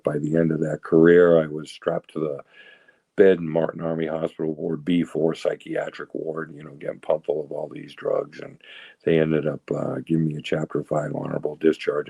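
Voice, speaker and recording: An older man from south of Boston tells a hard-won story in a deep, gravelly voice with a husky edge. He talks earnestly and loosely, circling back with "right?" as he goes. The sound is close and dry, with no room around it. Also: warm tone, no room sound. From south of Boston, USA. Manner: rambling, earnest, frequent "right?" and "you know". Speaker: guest sharing recovery story. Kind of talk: storytelling, candid testimony.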